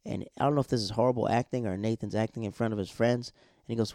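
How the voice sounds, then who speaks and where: A man's voice: lowish voice, steady tone, fast, darkish tone, dry recording, clean studio sound. A man casually recapping a TV episode in a slangy, laid-back storytelling way.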